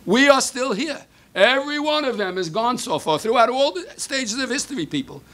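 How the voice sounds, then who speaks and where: An older man giving a sermon, telling a story with Hebrew phrases mixed in, moving between hushed and emphatic delivery. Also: very high voice, lively intonation, moderate pace. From United States. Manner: mixes Hebrew phrases into English.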